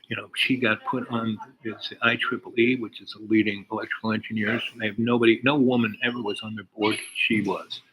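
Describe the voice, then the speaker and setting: A man's voice: lowish voice, fairly bright tone, slight background noise, poor audio. An older man telling a long personal story in a meandering way, with many fillers and restarts. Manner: meandering, full of "you know" and restarts. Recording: crowd chatter behind. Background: crowd chatter.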